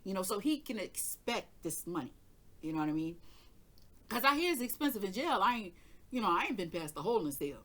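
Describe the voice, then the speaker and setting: A woman hosting her own tarot channel slips into a casual, unfiltered story. Her voice is bright and sharp, and she talks with animated emphasis, swearing freely as she replays the argument line by line. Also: medium pitch, a little fast. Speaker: tarot reader and channel host.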